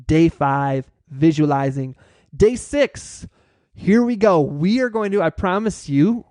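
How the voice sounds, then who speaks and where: A man leads a motivational class, upbeat and playful as he encourages his listeners. His voice sits a little high. The recording is dry, with no room sound. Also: a little mellow, dry recording. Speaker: workshop host.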